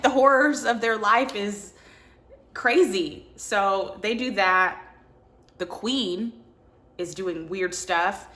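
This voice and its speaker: A woman with a slightly low-pitched voice chatting through a book review. She talks loosely and animatedly, with lots of filler words and little bursts of character voices. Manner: animated, filler-heavy, acts out characters' lines. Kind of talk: casual book review chat.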